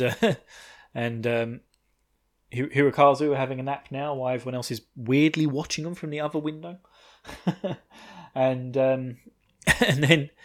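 A man in his thirties co-hosting a podcast, casually recapping an anime episode in a rambling way, chuckling often and swearing freely. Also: on the high side. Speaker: podcast co-host.

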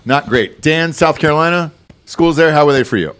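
A man's voice: a little high, a little fast, clean tone. A man from Georgia, a guest comedian, arguing bluntly in casual podcast banter. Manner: blunt, argumentative, animated.

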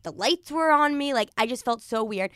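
A woman's voice: a little high, animated, normal speed, a bit bright, clean tone, no room sound, studio quality. A woman in her early twenties, a podcast host, telling a personal story in a rambling casual way, full of "like" and quoted thoughts. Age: early 20s. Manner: rambling, lots of likes and quoted inner thoughts.

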